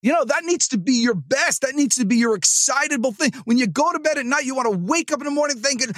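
A man's voice: extremely high pitch, fast talker, hardly any pauses, dry recording. A man from New Jersey hosting a sales podcast in a casual, rambling motivational monologue full of restarts. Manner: animated and rambling, with many restarts. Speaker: podcast host and sales trainer.

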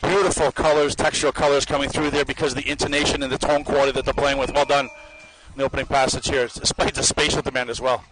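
A man giving running spoken commentary as a marching band judge outdoors on the field, appraising the players with quick bursts of praise. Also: medium pitch, little pitch movement, over music, rough recording. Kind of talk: live judging commentary over a performance. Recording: live brass band loud behind.

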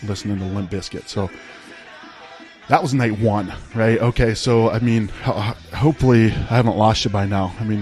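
A man's voice: fairly low pitch, darkish tone. A man telling a personal story in a casual, rambling way, full of "like" and "right?". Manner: rambling, laid-back, peppered with "like" and "right?".

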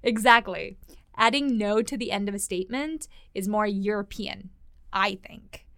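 A woman teaching a language lesson, explaining words and phrases in a clear, explanatory way. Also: mid-range voice, measured pace, sharp tone, no room sound, studio quality.

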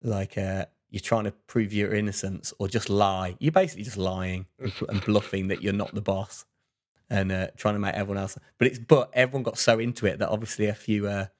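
Low-voiced man telling rambling stories. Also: little pitch movement, fairly quick, darkish tone. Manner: rambling storyteller, many restarts and "like"s. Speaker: podcast co-host. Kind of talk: casual chat.

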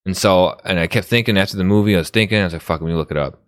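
Low-voiced laid-back male podcast host. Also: very fast, a bit bright, smooth, no echo, studio quality. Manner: laid-back, swears, laughs often, restarts. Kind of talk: casual movie review chat.

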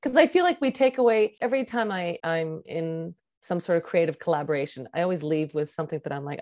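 A woman's voice: low-pitched, fairly quick, a little mellow. A woman interviewer chatting casually, laughing easily and asking loose, rambling questions.

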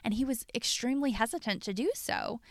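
A woman's voice: fairly high pitch, a little fast, no room sound, studio quality. A woman hosting her podcast as a coach, telling a personal story in a candid, blunt, profane monologue.

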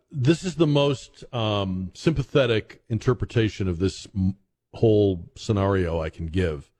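Lively sarcastic male radio host. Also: fairly low pitch. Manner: sarcastic, rhetorical questioning. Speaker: radio talk show host. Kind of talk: opinion commentary.

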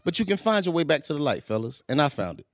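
A man's voice: on the high side, sing-song, fast, heavy background noise. A man chatting casually on a podcast, telling a rambling story and laughing often. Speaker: podcast co-host. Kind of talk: casual chat.

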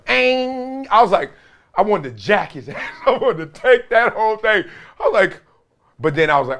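A man with a fairly high, very lively voice, swinging up and down as he tells stories. He laughs a lot and acts out quotes in a louder, higher voice. His manner is loose and conversational. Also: moderate pace. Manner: animated, laughing often, acting out quotes in a high voice. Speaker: former NFL player and podcast host. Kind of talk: casual storytelling chat.

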